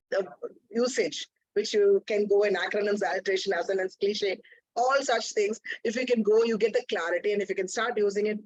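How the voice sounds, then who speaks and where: A woman giving a brisk grammar report at a club meeting, listing words and correcting usage over a video call. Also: medium pitch, no echo, low-quality recording.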